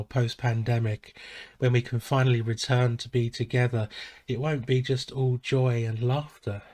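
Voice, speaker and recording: A man preaching a sermon as a pastor, measured and solemn, pausing softly between phrases. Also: medium pitch. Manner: slow, measured and solemn, with soft pauses.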